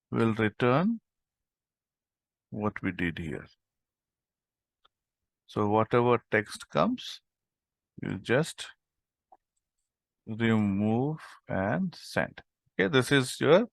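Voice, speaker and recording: A man teaching a coding lesson, thinking aloud as he types and filling pauses with okay and um. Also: medium pitch, very animated, creaky, dry recording, studio quality. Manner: thinks aloud while typing, many fillers like okay and um. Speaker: programming tutor. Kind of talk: screen-recorded coding lesson.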